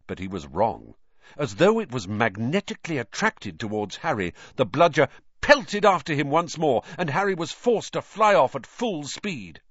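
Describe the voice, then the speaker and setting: Lively male storybook narrator. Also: mid-range voice, moderate pace, husky, no echo, dull audio. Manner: lively, dramatic reading. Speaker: audiobook reader.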